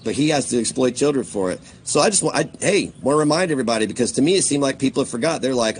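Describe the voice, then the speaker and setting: A man ranting angrily on a livestream, swearing and swinging between raised outbursts and low muttering. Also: lively intonation, racing, hardly any pauses, a little hiss or hum. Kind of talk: angry livestream rant.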